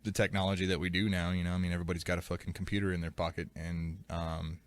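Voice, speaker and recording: Low-voiced rambling man in casual chat. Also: level tone, very fast. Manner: rambling, many fillers, swears casually. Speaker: podcast guest, musician.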